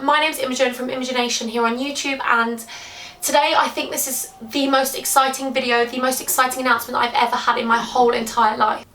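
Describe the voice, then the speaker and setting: A young British woman talks in a gushing, teary rush, her voice sitting a little high. She sounds breathless with excitement as she vlogs. The room is echoey and she is heard from some distance away. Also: fairly quick. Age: 20s. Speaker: beauty YouTuber. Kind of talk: emotional vlog announcement. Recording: roomy, from a distance.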